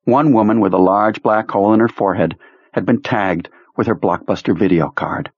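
Casting: man, very low and husky, audiobook narrator, dry and slightly dull studio sound. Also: moderate pace, dry recording.

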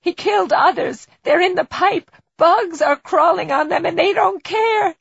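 A woman voicing a terrified, shaken woman in a much higher voice, as in an audiobook. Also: measured pace, vocal fry, no echo, full character voice. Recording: dull dry recording.

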